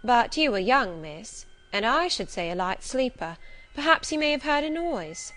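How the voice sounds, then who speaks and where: A woman reading the part of a guarded middle-aged servant woman who speaks steadily and primly, with quiet insinuation. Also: mid-range voice, brisk, a little hiss or hum, natural voice. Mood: composed.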